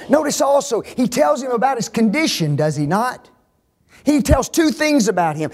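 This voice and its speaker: A man preaching a sermon, dropping to near whispers and rising to shouts, asking the congregation rhetorical questions. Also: very high-pitched, sing-song, normal speed. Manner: emphatic, swings from hushed to shouting, rhetorical questions.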